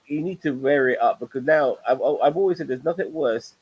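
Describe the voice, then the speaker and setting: A man's voice: medium pitch, fairly quick, husky, poor audio. A middle-aged man hosting a casual TV review chat show, rambling and swearing freely. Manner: profane, rambling, animated.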